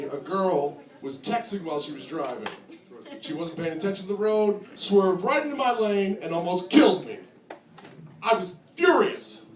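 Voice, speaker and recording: A young New Jersey comic with a high, bouncy delivery that leaps all over his range, crude and sarcastic as he slips into mock voices. He is caught from the back of an echoey club, the stage mic distant, with a crowd laughing loudly throughout. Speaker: stand-up comedian. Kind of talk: stand-up comedy set. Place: comedy club with a laughing audience.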